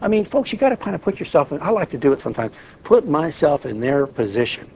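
A man leading an informal Bible study, lively and acting out prayers as he talks. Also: on the high side, quick pace, slight background noise, low-quality recording. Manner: animated, acts out prayers and quotes.

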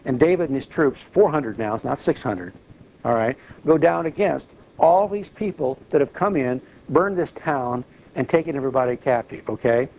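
A man's voice: a little high, darkish tone, highs cut off, a little hiss or hum. An older man preaching a sermon, telling the story in a folksy, emphatic way.

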